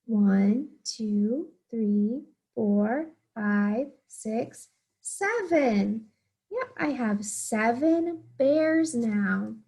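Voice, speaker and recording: A woman's voice: on the high side, animated, extremely slow, dark tone, slightly rough. A young woman teaching a math lesson to small children, counting aloud in an encouraging, sing-song way.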